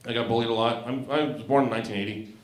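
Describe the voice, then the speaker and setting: A man's voice: medium pitch, fairly even intonation, racing. A man in his forties from Canada doing a crude, self-mocking stand-up set on a club stage, often laughing at his own jokes. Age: 40s. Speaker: stand-up comedian. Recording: roomy club echo.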